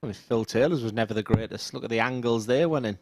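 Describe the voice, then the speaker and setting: A man's voice: mid-range voice, fast, background noise. A man co-commentating on darts, chatty and joking as he trades opinions with his partner. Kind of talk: sports commentary banter.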